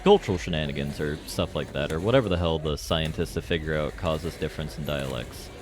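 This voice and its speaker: Low-voiced man rambling over gameplay. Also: brisk, over music. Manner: rambling and jokey, heavy on fillers. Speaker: streamer. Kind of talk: casual live gameplay commentary.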